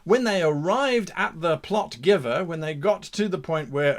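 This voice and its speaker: A middle-aged man hosting a game master advice show, talking through his own mistakes in a reflective, self-critical way with lively emphasis. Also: a little high, unhurried, few pauses. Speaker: game master tips host. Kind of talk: talking-head advice monologue.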